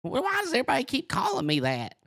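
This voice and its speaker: A man's voice: wildly swooping pitch, racing, creaky, fairly bright tone, dry recording, clean studio sound, exaggerated voice. A man voicing a fifty-year-old male inmate who sounds like a young boy, blunt and cussing. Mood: feisty. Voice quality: high, boyish voice.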